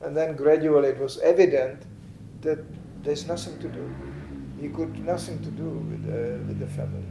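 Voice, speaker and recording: Male preacher, lively storyteller, mellow tone, roomy hall sound. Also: moderate pace, vocal fry, slight background noise. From Sweden. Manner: animated, acts out quotes with raised pitch. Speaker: spiritual lecturer. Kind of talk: storytelling sermon. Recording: echoey room.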